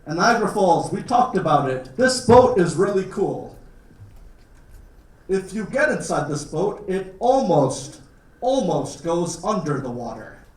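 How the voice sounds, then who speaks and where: A man from Canada with a slightly high voice lectures a class about his home country. He keeps his wording simple and jokes as he goes. The sound is roomy and he stands away from the mic. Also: very animated, unhurried, darkish tone. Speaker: guest lecturer. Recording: roomy, distant classroom recording.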